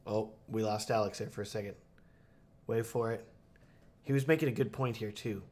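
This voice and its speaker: A man's voice: lowish voice, fairly even intonation, moderate pace, darkish tone. A man hosting a live video Q&A, talking casually and enthusiastically with lots of fillers and restarts. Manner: enthusiastic, rambling with many fillers. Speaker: host of live Q&A stream. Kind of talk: casual live-stream chat.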